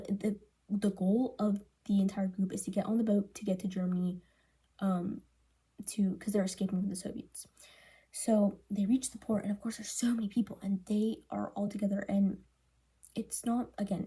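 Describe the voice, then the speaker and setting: A woman's voice: mid-range voice, mellow, slightly rough. A teenage girl giving a casual spoken book review for a school project, chatty and full of fillers. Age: teens. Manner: chatty, filler-heavy, breaks off to read passages aloud. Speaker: student presenting a book project.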